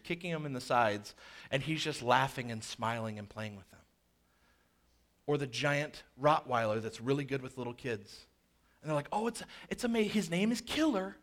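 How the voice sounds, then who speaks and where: A man preaching a sermon in an animated way, with jokey asides and quoted voices that he acts out. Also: a little high. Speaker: pastor.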